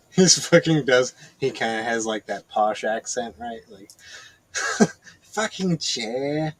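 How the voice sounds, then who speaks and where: A man's voice: medium pitch, slow pace, pauses often, low-quality recording. Giggly guy on a stream chat, likes saying like. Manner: giggly, uses like a lot. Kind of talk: casual banter.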